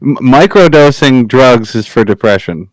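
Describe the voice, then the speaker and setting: A man's voice: medium pitch, lively intonation, normal speed, dry recording, rough recording. A man co-hosting a comedy podcast, dropping short, wry interjections in casual chat. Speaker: podcast co-host.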